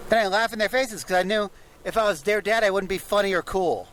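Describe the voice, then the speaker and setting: A man with a slightly high voice tells stand-up one-liners outside on a city street, dry and deadpan, muttering to himself between jokes. Traffic rumbles clearly behind him as cars go by. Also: a little fast, rough recording. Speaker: street comedian. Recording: street recording with loud traffic noise. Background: traffic noise, passing vehicles.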